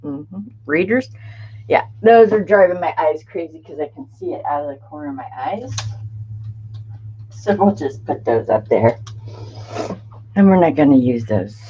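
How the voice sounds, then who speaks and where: A woman's voice: deep voice, lively intonation, normal speed, long pauses, slight background noise. A middle-aged woman hosting a craft livestream, chatting casually with viewers, greeting them by name and laughing often. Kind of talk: casual live-stream chat. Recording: dull lo-fi stream audio.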